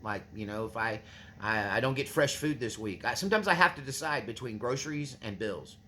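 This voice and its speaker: A man's voice: mid-range voice, animated, brisk, sharp tone, slight background noise. A man hosting his own channel, talking earnestly and rambling to his viewers. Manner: earnest, rambling, restarts often. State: choked up, near tears. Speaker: channel host. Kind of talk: casual monologue to viewers.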